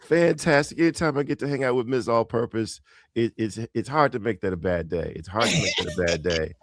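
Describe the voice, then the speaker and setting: A man's voice: fairly low pitch, brisk, dry recording, clean studio sound. A man from Oklahoma, a guest on a radio interview, upbeat and friendly, often repeating his words.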